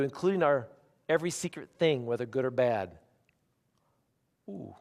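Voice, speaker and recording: A man in his forties preaches to a congregation with a mid-range voice. He drops to near-whispers for intimate asides, then builds to loud, emphatic declarations. His voice rings out with the long reverb of a large hall. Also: medium pitch, normal speed, creaky, long pauses. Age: 40s. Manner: animated preaching, swinging from quiet asides to loud emphatic lines. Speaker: pastor. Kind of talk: sermon.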